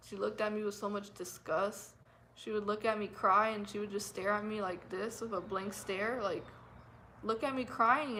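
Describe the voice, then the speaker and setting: Bright-voiced woman telling a painful story. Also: mid-range voice, slight background noise, poor audio. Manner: emotional, halting, repeats herself, nervous laughs. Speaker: vlogger. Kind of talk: personal storytelling vlog.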